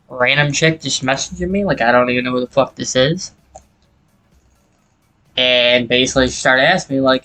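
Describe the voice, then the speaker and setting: A man's voice: mid-range voice, brisk, faint music behind. A man in his late twenties telling a personal story in a casual, rambling way while playing a game, with lots of swearing. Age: 20s. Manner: rambling, profane, animated when retelling. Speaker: gaming YouTuber. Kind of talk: casual storytelling over gameplay.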